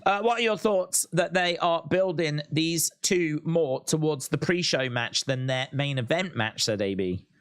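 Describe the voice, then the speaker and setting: A man's voice: a little high, a little slow, hardly any pauses, fairly bright tone, smooth, no echo, studio quality. A man hosting a live wrestling watch-along, chatting casually and reading out viewer comments. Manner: chatty, reads out viewer comments, laughs often.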